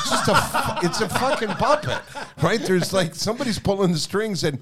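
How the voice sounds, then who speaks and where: Brief: lively male podcast co-host, a storyteller who laughs through his lines, with a wide-ranging voice. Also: sits high, normal speed, very noisy. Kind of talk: casual storytelling chat.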